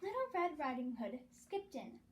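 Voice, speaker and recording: A woman reads a children's story aloud with lots of expression. Her voice is high and moves up and down freely, keeping young listeners engaged. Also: normal speed, slight background noise. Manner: animated, expressive.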